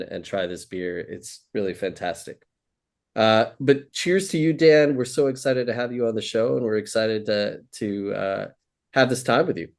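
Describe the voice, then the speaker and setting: A man with a fairly low voice hosts a relaxed interview. He sounds friendly, pausing often on uhs and restarting his sentences. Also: creaky. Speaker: podcast host. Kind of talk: casual interview chat.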